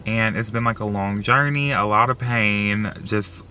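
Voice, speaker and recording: Excitable man, bright voice, says "like" a lot. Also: on the low side, a little slow, a little hiss or hum. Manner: filler-heavy, says "like" constantly; excitable and emotional. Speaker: vlogger. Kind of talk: casual vlog chat.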